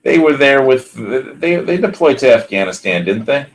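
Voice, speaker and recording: A man's voice: mid-range voice, sing-song, normal speed, slight background noise, low-quality recording. A man hosting a podcast in casual chat, rambling with many fillers and restarts and laughing often. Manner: laughs often while talking. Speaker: podcast host.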